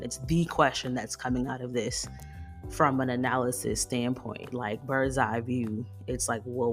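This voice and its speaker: A woman hosting a solo podcast, talking through a run of rhetorical questions in an animated, emphatic way. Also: rumbling low. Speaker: podcast host.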